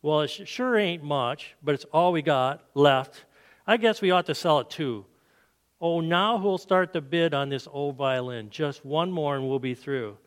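A man voicing an old-time auctioneer who calls out bids in a brisk, sing-song way, recorded with a long church-hall reverb. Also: on the high side, natural voice. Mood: calling bids.

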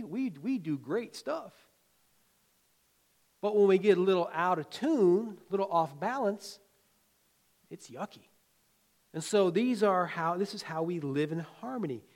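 A high-pitched male pastor delivers a sermon in a folksy, conversational manner. He swings from loud, emphatic lines to quiet asides, chuckling along the way.

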